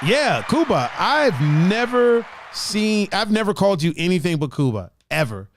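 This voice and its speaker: A man hosting a podcast in casual chat, animated and profane, laughing often. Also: sits high, normal speed, slight background noise. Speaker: podcast host.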